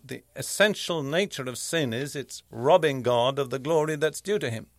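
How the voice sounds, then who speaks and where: Measured, emphatic male Bible teacher. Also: medium pitch, dry recording, studio quality. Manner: measured, emphatic teaching, reading scripture aloud. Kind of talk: sermon.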